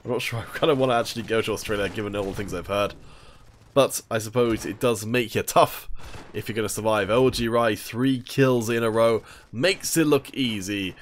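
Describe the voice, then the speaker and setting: A man's voice: on the low side, a little fast, slight background noise. A man casting an online shooter tournament live, chatting with viewers and reading their messages aloud between plays. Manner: chatty, reads chat aloud and jokes with viewers. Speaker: esports tournament caster. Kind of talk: live game commentary with chat replies.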